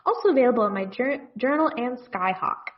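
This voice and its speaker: A woman's voice: a little high, fairly quick. A woman co-hosting a comedy podcast, chatting casually and reading fanfiction aloud with a rambling, self-interrupting manner. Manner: rambling, self-interrupting, reads text deadpan. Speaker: podcast co-host. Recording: dull lo-fi podcast audio.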